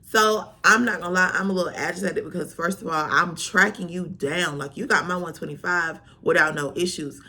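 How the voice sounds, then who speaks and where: A woman vlogger tells a storytime in a sassy, animated way, packed with slang. Her voice sits a little low but comes across bright and forceful. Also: brisk, hardly any pauses. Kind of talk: storytime vlog.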